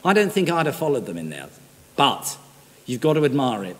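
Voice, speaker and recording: A man's voice: medium pitch, sing-song, fairly quick. A man preaching a sermon, talking conversationally and putting direct questions to his congregation. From Britain. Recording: reverberant hall.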